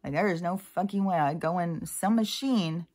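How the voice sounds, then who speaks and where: A woman's voice: lowish voice, moderate pace, a little mellow. A woman vlogger talking in a rambling, casual monologue, full of fillers and asides. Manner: chatty, meandering, many fillers and asides.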